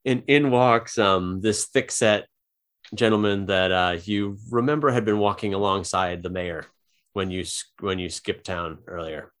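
Man, game master, casual improvised narration, lowish voice, lots of fillers. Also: unhurried, fairly bright tone. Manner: loose, casual, many fillers.

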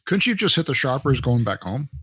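A man co-hosting a podcast, chatting casually and calmly asking questions to clarify. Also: medium pitch, brisk, husky, dry recording. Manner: calm, asks questions to clarify. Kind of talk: casual chat.

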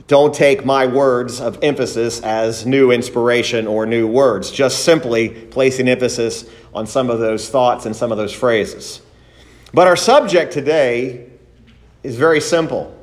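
A man with a mid-range voice preaches a sermon and reads scripture, going slowly and deliberately. He puts stress on single words and poses rhetorical questions.

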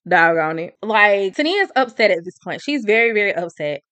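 Bright, emphatic woman recapping a story. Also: medium pitch, lively intonation, moderate pace, no echo. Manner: emphatic, opinionated, slangy.

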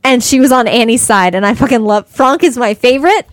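A woman's voice: on the high side, brisk, no room sound. Sarcastic, swearing young woman ranting. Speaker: podcast co-host. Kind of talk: casual chat.

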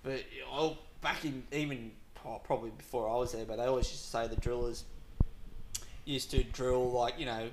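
A man telling stories as a podcast guest in casual chat, animated, acting out dialogue and laughing often. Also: medium pitch, normal speed, echoey room, a little hiss or hum, low-quality recording.

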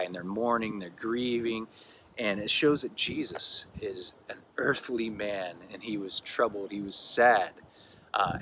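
Bright-voiced man preaching a casual sermon. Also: lowish voice, slight background noise. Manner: conversational, with filler words and restarts. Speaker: pastor. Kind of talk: sermon reading scripture.

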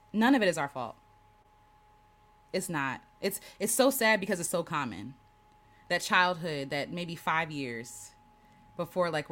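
A woman's voice: sits low, fairly bright tone. A woman hosting a casual livestream, reading viewers' comments aloud and answering them with affirmations and laughter. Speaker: host reading live chat.

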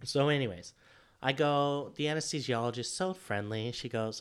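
A man's voice: mid-range voice, normal speed, clear, resonant tone. A man telling a story in a casual chat, rambling with many fillers and acting out what others said. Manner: rambling, filler-heavy, acts out quotes.

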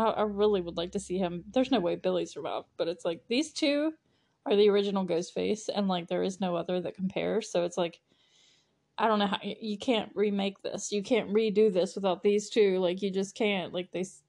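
A woman's voice: medium pitch, vocal fry, darkish tone. A woman hosting a casual movie recap podcast, chatty and laughing, with lots of fillers. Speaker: podcast host.

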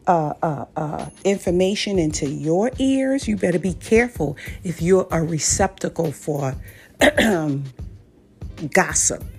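Low-pitched, mellow-voiced woman podcaster. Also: gravelly. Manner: conversational, anecdotal, then preachy and emphatic. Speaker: podcast host. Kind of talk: faith-based storytelling talk.

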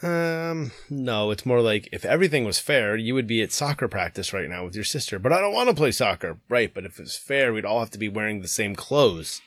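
A man's voice: fairly low pitch, lively intonation, brisk, hardly any pauses, fairly bright tone, no echo, clean studio sound. A middle-aged man co-hosting a podcast, chatting casually in a wry, slightly exasperated way about parenting. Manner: wry, rambling, mildly exasperated. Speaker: podcast co-host. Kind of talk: casual chat.

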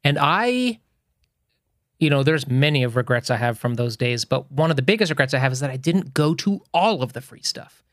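A man's voice: medium pitch, animated, normal speed, a bit bright, dry recording, clean studio sound. A man co-hosting a casual podcast, telling stories in a wry, joking way. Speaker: podcast co-host.

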